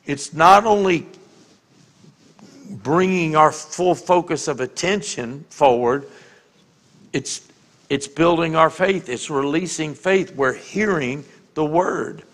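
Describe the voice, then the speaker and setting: A man preaching a conversational sermon as a pastor, often repeating words and slowing down to read scripture with emphasis. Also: a little high, a bit bright. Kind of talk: sermon teaching. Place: church sanctuary. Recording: long hall reverb.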